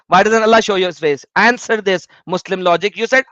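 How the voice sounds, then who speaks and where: A man's voice: sits high, fairly quick, few pauses, fairly bright tone, no room sound, dull audio. A man hosting a live debate stream, blunt, mocking and combative.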